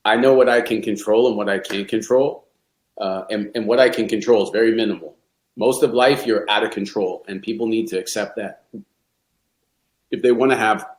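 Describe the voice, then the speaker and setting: Reflective middle-aged man in a roomy space. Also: lowish voice. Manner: reflective, candid, frequent restarts. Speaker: golf coach. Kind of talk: podcast interview. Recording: roomy echo.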